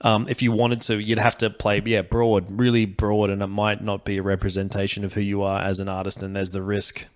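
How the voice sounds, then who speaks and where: A comedian chatting loosely on a podcast, rambling, swearing and laughing often. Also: male voice, lowish voice, completely flat delivery, fairly quick, hardly any pauses. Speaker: comedian guest. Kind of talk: casual podcast chat.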